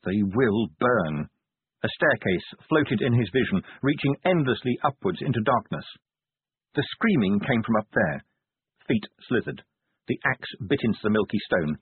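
Husky guy reading a novel aloud, lively up and down delivery, tinny phone-like sound. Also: no echo. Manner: measured storytelling with lively pitch. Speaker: audiobook narrator. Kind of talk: scripted narration of a novel. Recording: phone-like lo-fi audio.

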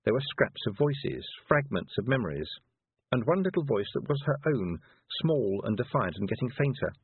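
A man reading a storybook aloud in an expressive way, giving the characters their own voices. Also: mid-range voice, normal speed, breathy edge, no echo. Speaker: audiobook narrator. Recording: dry, tinny phone-like sound.

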